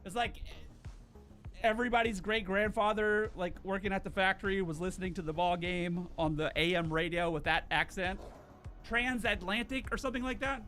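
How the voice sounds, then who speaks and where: A man's voice: high-pitched, moderate pace, pushed and bright, soft background music. A young man streaming a game, chatting in a rambling, laid-back way, full of filler words. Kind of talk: casual chat while gaming.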